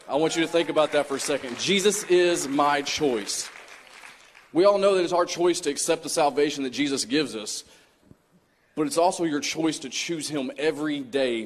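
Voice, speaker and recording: A man preaching a mini sermon in a church, telling a personal story in an earnest, conversational way. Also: mid-range voice. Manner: conversational, earnest, acts out his own past words. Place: church sanctuary. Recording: long church hall reverb.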